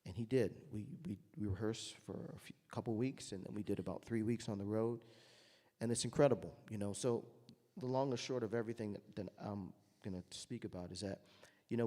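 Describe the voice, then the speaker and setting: A man's voice: lowish voice, in a large hall. A man, a jazz trumpeter, telling anecdotes to an audience and acting out the voices he quotes. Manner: storytelling, acts out quoted voices loudly.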